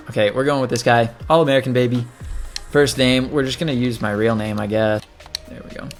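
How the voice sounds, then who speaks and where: A man's voice: medium pitch, gravelly. A man hosting a gaming channel, giving casual gameplay commentary and chatting as he thinks aloud while playing.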